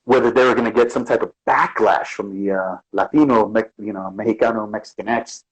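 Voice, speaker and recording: On a low-quality recording, a fairly quick man with a voice on the low side talks casually as a guest artist in an interview. He hails from the Bronx, New York, and animates his stories by acting out quotes.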